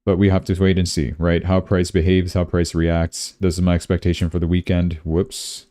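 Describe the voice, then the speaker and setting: Low-voiced, chatty young man livestreaming. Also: monotone, normal speed, warm tone, no echo, studio quality. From Canada. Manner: rambling, chatty, says "dude" often. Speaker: crypto livestream host. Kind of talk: casual livestream chat.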